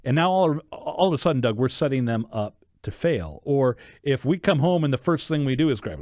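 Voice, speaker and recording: A man's voice: medium pitch, brisk, few pauses, no echo. A man hosting a Catholic radio talk show, speaking in an earnest, reflective way on a studio microphone. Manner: earnest, reflective, animated storytelling. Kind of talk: conversational faith radio talk.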